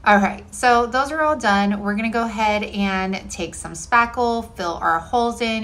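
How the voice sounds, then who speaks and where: A woman's voice: medium pitch, fairly bright tone. A woman talking through a home decor craft project in a chatty, bubbly voice-over full of "like" and "um". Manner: chatty, bubbly, filler-heavy with lots of "like". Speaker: DIY home decor creator. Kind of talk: casual crafting voice-over tutorial.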